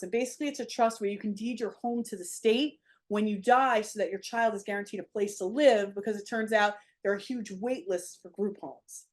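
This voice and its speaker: A middle-aged woman giving a motivational talk as a parent coach, emphatic and blunt. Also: medium pitch. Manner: emphatic and blunt, with quick acted quotes.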